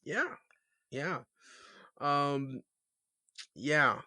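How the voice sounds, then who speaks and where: A man co-hosting a casual TV recap podcast, talking in a halting, laid-back way, full of fillers. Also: fairly high pitch, lively intonation, pushed and bright, no echo, clean studio sound. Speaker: podcast co-host.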